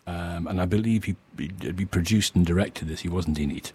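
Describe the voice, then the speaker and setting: A man's voice: low-pitched, fairly quick, warm tone, husky. A man in his sixties presenting a casual radio show, rambling and chuckling at his own material. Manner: rambling, self-amused, chuckling often.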